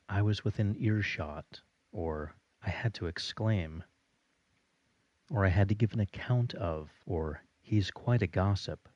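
A man giving a recorded audio lesson in a slow, steady instructional delivery. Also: sits low, dry recording, highs cut off.

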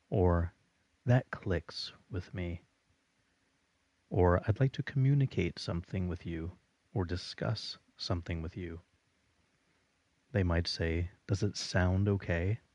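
A man giving a recorded audio lesson in a slow, steady instructional delivery. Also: sits low, no room sound, muffled recording.

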